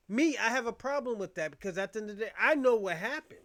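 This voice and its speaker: A man's voice: extremely high pitch, quick pace, few pauses, a bit bright. A man from Boston giving a casual commentary rant, blunt, profane and repetitive as he vents. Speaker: commentary host.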